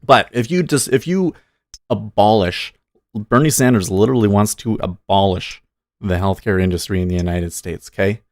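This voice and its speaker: A man's voice: lowish voice, moderate pace, no room sound. Guy on a trading stream going off w his opinions, dry close mic. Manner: opinionated, rambling, talks back to chat. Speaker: livestream day-trading host. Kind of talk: casual live-stream commentary.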